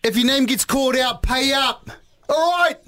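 A woman with a New Zealand accent co-hosting breakfast radio, shouting out a brash, crude roll call in rowdy banter. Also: high voice, moderate pace.

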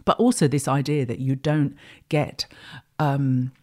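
This astrology podcast host has a bass, mellow voice with fairly even intonation and a measured pace. Her casual spiritual monologue rambles reflectively, full of restarts.

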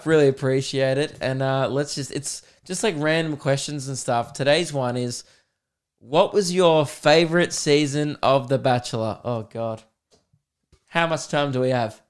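A man's voice: mid-range voice, moderate pace, smooth. A young man hosting a comedy podcast, ranting with self-mocking humor and lots of swearing. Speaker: podcast host. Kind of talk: casual comedic rant.

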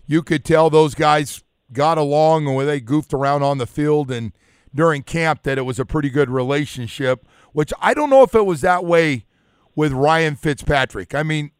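Sports radio host, slightly high voice, smooth and dry, lively questioner. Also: male voice, normal speed, dry recording. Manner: lively, asks long questions. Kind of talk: casual sports chat.

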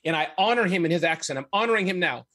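A man answering as a business guest in casual interview chat, energetic, emphatic and joking. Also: high voice, very fast. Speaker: guest, entrepreneur.

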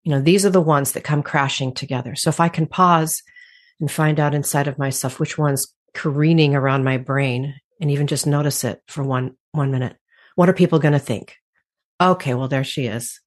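Low-voiced woman talking things through. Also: moderate pace. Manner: reflective, animated, laughs often. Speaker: guest. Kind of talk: conversational interview.

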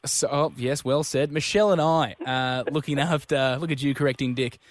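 Radio host, dry studio sound. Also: male voice, medium pitch, normal speed, dry recording. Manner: chatty, mock-innocent when pranking. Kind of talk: radio banter and prank call. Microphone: studio microphone.

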